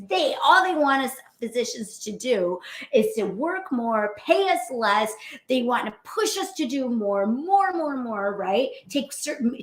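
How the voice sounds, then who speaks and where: A woman physician hosting a show, giving a casual motivational talk in a lively, chatty way and laughing often. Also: medium pitch. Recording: roomy echo.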